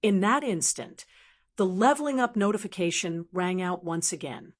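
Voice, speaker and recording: A woman reading a fantasy web novel aloud as an audiobook narrator, in an even, unhurried storytelling manner. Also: lowish voice.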